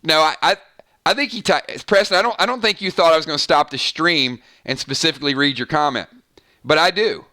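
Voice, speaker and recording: A man's voice: fairly high pitch, fairly quick, bright, forceful tone. A man hosting a live stream, chatting casually and thanking viewers by name, often stumbling and restarting his sentences. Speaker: live-stream show host.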